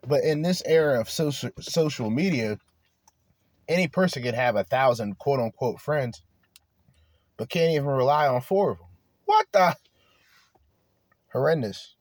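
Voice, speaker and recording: A man's voice: mid-range voice, animated, normal speed, a little mellow, no room sound. Blunt, profane man ranting casually. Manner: blunt, profane, rambling with restarts. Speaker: podcast host. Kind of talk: casual monologue.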